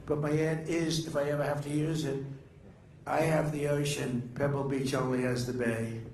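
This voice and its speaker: A man's voice: medium pitch, flat delivery, moderate pace, a little mellow. An older man giving a rambling, off-the-cuff speech to a gathering, boastful and meandering, trailing off mid-sentence with frequent uhs. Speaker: speaker addressing a political gathering. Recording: echoey room with faint background noise.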